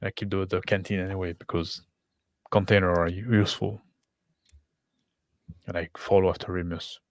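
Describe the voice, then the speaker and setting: A man's voice: low-pitched, flat delivery, normal speed, no room sound, clean studio sound. A man playing a tabletop game, talking casually and checking in with the others. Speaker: player.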